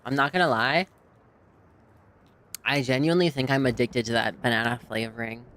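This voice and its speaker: A game streamer with a mid-pitched voice chats casually between cutscenes, talking freely and swearing often. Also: fairly even intonation, normal speed, fairly bright tone. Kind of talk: casual chat while gaming.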